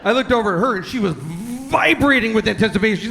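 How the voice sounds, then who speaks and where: Performing stand-up for an audience in a large, echoey hall, this San Diego, California man mocks himself through stories about his family and shifts into character voices. His voice is high-pitched, creaky, bright and forceful, with lively intonation and a quick pace.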